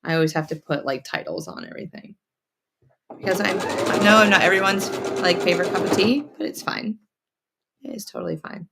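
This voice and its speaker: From her home sewing room, a North Carolina woman hosts a casual quilting livestream, chatting to viewers and reading their comments aloud as she sews. Her medium-pitched voice is fairly quick with vocal fry, and a sewing machine hums faintly behind her.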